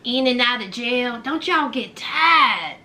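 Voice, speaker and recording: A woman vlogger giving loud, animated gossip commentary and calling viewers child and honey. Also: fairly high pitch, slow pace.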